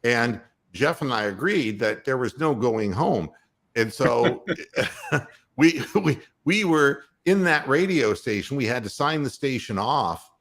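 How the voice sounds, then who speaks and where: An older man hosting a talk show, telling a story with big, lively leaps in pitch. He laughs often and drives the tale hard. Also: takes it slowly. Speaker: radio host.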